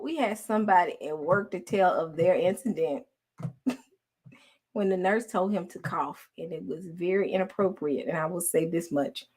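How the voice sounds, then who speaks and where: A woman, telling a story in casual chat with her followers, laughing often and swinging from loud to hushed. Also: on the low side. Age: 40s. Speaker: online host talking to followers.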